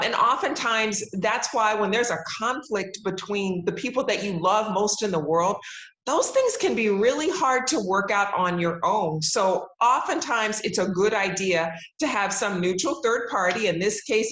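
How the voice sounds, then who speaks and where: A woman in her forties speaks as an interview guest, upbeat and emphatic, often laughing as she repeats her points. Her voice is mid-pitched for a woman. The recording carries a noticeable roomy echo. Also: animated, normal speed, a bit bright. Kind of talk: casual interview talk.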